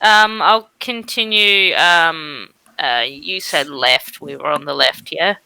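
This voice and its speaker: A player in a tabletop game, talking casually and haltingly with many fillers. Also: mid-range voice, vocal fry, pushed and bright, clear, resonant tone, rough recording.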